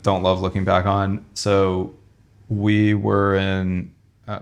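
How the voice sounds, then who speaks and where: A man's voice: sits low, creaky. A young man co-hosting a podcast, casually retelling a travel mishap with lots of quoted back-and-forth. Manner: rambling, animated retelling with quoted dialogue. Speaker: podcast co-host. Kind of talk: casual storytelling chat.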